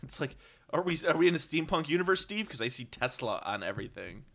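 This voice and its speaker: A man's voice: fairly high pitch, sing-song, quick pace, vocal fry, fairly bright tone. A man co-hosting a casual podcast chat, rambling with ums and self-corrections and cracking wry jokes. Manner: wry, joking. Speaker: podcast co-host.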